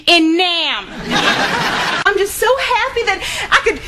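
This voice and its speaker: A woman's voice: very high voice, big pitch swings, slow, over a noisy crowd, very noisy, full character voice. An actress playing a bubbly, oblivious woman with a chirpy, giggly delivery on a sitcom stage. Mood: cheerful. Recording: sitcom stage with audience laughter.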